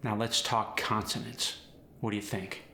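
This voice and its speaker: A man coaching accents, explaining step by step in a clear, instructional way. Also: on the low side, little pitch movement, moderate pace, bright, forceful tone, roomy sound, slight background noise. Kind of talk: instructional lesson.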